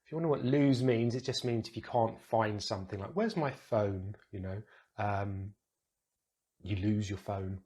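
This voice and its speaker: British man teaching pronunciation, slow repetition. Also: lowish voice, darkish tone. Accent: British English. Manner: repeats words slowly, exaggerating sounds. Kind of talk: explaining pronunciation slowly with examples. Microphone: close microphone.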